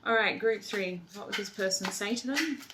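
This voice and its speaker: The recording is very noisy. A woman speaks at normal speed in a mid-range voice, reading tarot and passing on channeled messages, gushing emotionally and often exclaiming about the cards she draws.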